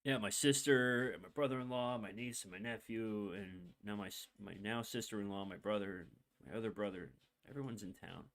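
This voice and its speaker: Young male podcast host with a lowish voice, telling his own story in a rambling, confessional way while fighting back tears. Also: fairly quick, a bit bright. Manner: rambling and candid, with many fillers and asides. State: emotional, holding back tears. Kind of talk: personal storytelling monologue.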